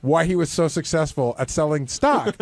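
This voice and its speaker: A man's voice: on the high side, lively intonation, no echo. A man in casual studio banter, needling and arguing his point. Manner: needling, argumentative, fast.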